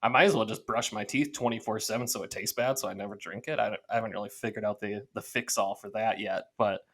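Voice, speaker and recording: A man's voice: on the low side, fairly even intonation, quick pace, fairly bright tone. A young man co-hosting a podcast, chatting casually and acting out his own thoughts as he tells stories. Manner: rambling storyteller, acts out his own thoughts. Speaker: podcast co-host. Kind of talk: casual chat.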